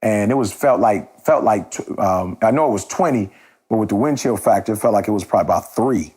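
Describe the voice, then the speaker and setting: A podcast host and motivational speaker tells a story in a slangy, conversational way, repeating phrases and restarting before turning it into a motivational message. His fairly low voice is expressive and fairly quick, darkish and slightly rough.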